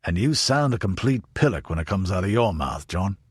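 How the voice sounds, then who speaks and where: A man's voice: low voice, sing-song, a little fast, husky, no room sound, full character voice. A man voicing an older veteran soldier, dry and derisive.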